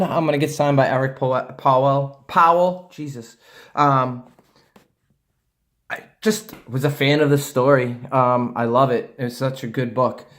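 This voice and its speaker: A man talking casually to camera about his comic book collection, rambling with many ums and uhs. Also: medium pitch. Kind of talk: casual show-and-tell vlog.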